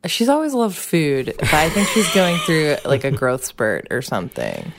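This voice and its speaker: Low-voiced woman, easygoing chat. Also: normal speed, gravelly, background noise. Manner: relaxed, laughs often, uses filler words. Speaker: podcast co-host, mother. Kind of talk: casual parenting chat.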